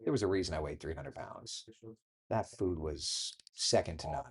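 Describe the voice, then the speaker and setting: A man's voice: low-pitched, normal speed, breathy edge. A man hosting a casual morning chat, reading out and reacting to viewer comments by name, with laughs along the way. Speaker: host.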